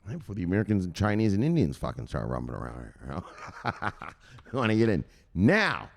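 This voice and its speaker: A low-voiced man hosts a crypto news show in a loose, profane commentary style. His pitch jumps around animatedly as he gets excited, and he keeps hammering his points home with a punchy "bang." He sounds casual and worked-up rather than scripted. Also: a little fast, vocal fry. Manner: excitable, swears freely, punctuates points with "bang".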